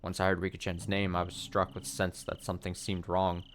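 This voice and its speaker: A man hosting a let's play, reading a visual novel's text aloud in a steady voice with short wry asides. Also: low-pitched, brisk, a little hiss or hum.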